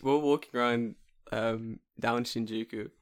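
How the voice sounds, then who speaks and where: A man's voice: medium pitch, unhurried. A young man chatting casually, telling funny stories and acting out other people's voices. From United Kingdom. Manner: animated storyteller, acts out voices, laughs often. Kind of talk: casual chat.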